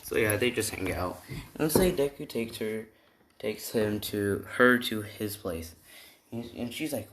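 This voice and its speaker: A man's voice: on the low side, animated, a little slow, echoey room. A young man casually making up and retelling a fan story, rambling with many restarts and asides. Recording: faint background noise.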